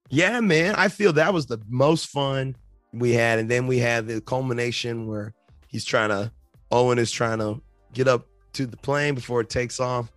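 A man's voice: mid-range voice, no room sound. A man hosting a podcast, giving a casual movie review, rambling and enthusiastic with lots of fillers. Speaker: podcast host.

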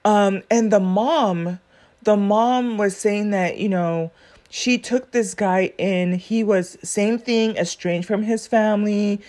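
A woman's voice: medium pitch, warm tone. A woman giving casual commentary on a court video, earnest and rambling as she thinks aloud.

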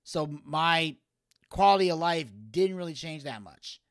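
A man's voice: fairly high pitch, a little slow. A man co-hosting a podcast, chatting casually and telling rambling stories with lots of fillers. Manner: rambling storyteller, drops into cartoon impressions. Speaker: podcast co-host. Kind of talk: casual chat.

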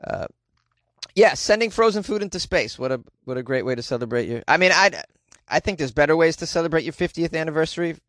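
A man hosts a comedy news podcast, reading odd headlines aloud and tearing into them with sarcastic asides. His voice sits a little higher than most men's. The recording is dry and close, with no room sound. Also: a bit bright, no room sound. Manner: sarcastic and jokey, mocking the stories. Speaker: podcast host.

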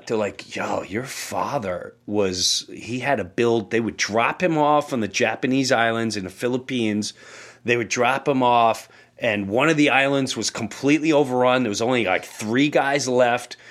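A man hosting a podcast, telling a story in a casual, animated way and acting out the voices in it. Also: mid-range voice, normal speed. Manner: animated, acts out quoted voices. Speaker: podcast host.

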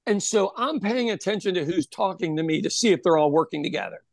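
Gravelly high-voiced man telling a story. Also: a little fast, dry recording, studio quality. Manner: animated storytelling, acting out quotes, swears freely. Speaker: podcast host telling a story; pub owner. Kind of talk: casual chat.

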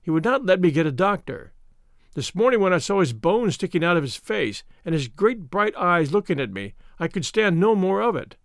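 A worried housekeeper in her later years, speaking in a raised, urgent voice that rises higher as she pleads, as a man puts her on. Her talk is earnest, respectful and fretful. The sound is dry and close to the mic. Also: very animated, normal speed, vocal fry, no echo, heavily acted. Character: anxious devoted older female housekeeper.

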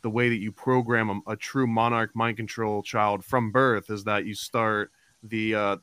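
A man's voice: on the low side, little pitch movement, a little slow, fairly bright tone, clear, resonant tone, dry recording. A man hosting a podcast interview, asking long rambling questions full of fillers. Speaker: podcast host.

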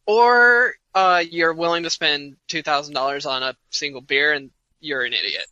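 Bright-voiced blunt man. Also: a little high, moderate pace, dry recording, muffled recording. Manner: blunt, dismissive. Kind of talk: casual chat.

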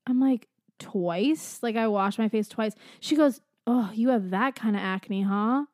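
A woman co-hosts a podcast in easy, casual chat. Her voice sits a bit high, and the sound is dry and close. She tells stories animatedly and acts out the other voices. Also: measured pace, dry recording. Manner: animated storyteller who mimics conversations. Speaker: podcast co-host.

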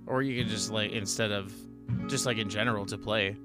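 A man's voice: lowish voice, steady tone, fairly quick. A young man co-hosting a podcast in casual chat, laid-back and hesitant. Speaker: podcast co-host and guitarist. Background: faint guitar playing.

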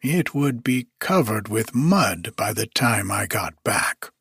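A man voicing a cruel, scheming old witch woman who mutters in a hushed, menacing way. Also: fairly low pitch, expressive, slow, gravelly, slightly rough, full character voice. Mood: grumbling.

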